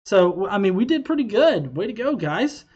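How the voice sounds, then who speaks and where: A man's voice: sits high, big pitch swings, normal speed, darkish tone, breathy edge, lo-fi sound. A man hosting a casual livestream, rambling and swearing, with lots of fillers and restarts. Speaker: livestream host.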